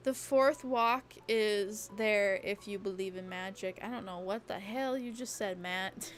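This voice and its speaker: A woman's voice: medium pitch, animated, unhurried, soft background music. A young woman streaming a casual late-night chat, rambling and chatty, peppering her talk with "like" and the odd swear word. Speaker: VTuber streamer.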